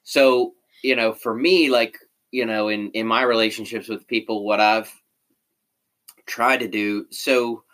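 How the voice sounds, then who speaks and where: A middle-aged man with a bright, forceful tone talks openly in relaxed conversation. He fills his sentences with "you know" and "like" and often restarts them. His voice sits a little low. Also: a little slow. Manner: candid, frequent fillers and self-corrections. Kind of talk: casual conversation.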